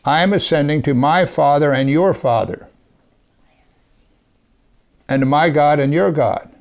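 A slightly high, creaky, gravelly male voice carries this sermon at a somewhat slow pace. After reading scripture aloud, he reflects on it, now and then lowering himself to a soft whisper-like tone to press his point.

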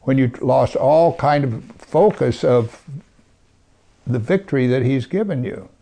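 Speaking a little slowly in a mid-range voice that is gravelly and creaky, a man preaches with plenty of expression. He alternates scripture reading with commentary, sometimes softening to a hushed register to underline a point.

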